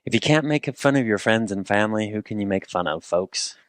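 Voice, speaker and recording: A man leading a guided movement and rehab exercise session, cueing each step calmly with playful asides. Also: fairly low pitch, brisk, dry recording, studio quality.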